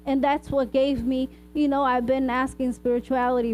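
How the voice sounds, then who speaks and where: A woman's voice: high voice, flat delivery, moderate pace, darkish tone, a little hiss or hum, rough recording. A woman speaker and therapist giving an informal spiritual talk, addressing the audience with frequent asides and rhetorical "right?" questions. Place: hall of a spiritist society.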